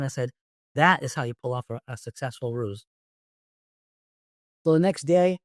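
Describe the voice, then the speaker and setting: A middle-aged man tells an old police case in a blunt, profane way, playing out both sides of the conversation. His voice sits at an ordinary middle pitch. The recording is dry and close, with no room sound. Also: dry recording. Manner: blunt, profane, animated storyteller acting out dialogue. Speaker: retired police detective, guest. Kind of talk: storytelling in a podcast interview.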